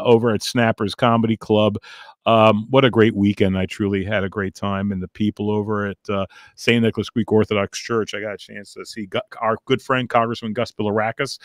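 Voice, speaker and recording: A man's voice: mid-range voice, no room sound, clean studio sound. Jokey rambling male comedy host. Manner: rambling, jokey, with many fillers and restarts. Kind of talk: casual comedic chat. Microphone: remote call line.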